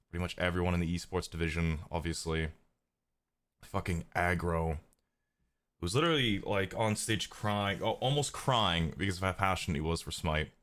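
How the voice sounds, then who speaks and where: A man with a low voice, a bit raspy because he is sick, talks to his stream audience. His frustrated commentary is full of swearing and keeps climbing into heated outbursts. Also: a bit bright.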